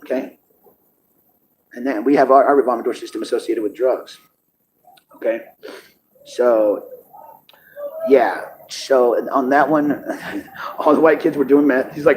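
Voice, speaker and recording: A man's voice: medium pitch, fairly even intonation, measured pace, pauses often, slight background noise, poor audio. A man talking in a rambling, profane monologue, laughing often and restarting his sentences.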